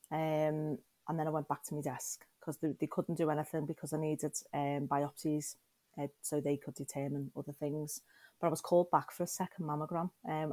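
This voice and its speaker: A woman's voice: deep voice, darkish tone, dry recording. A middle-aged woman frankly and emotionally telling her personal story as a podcast guest, often turning to the listener with questions.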